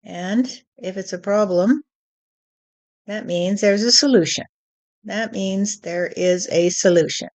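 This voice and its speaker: A woman giving a channeled spiritual teaching, speaking deliberately and often adding "you see.". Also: mid-range voice, a little mellow.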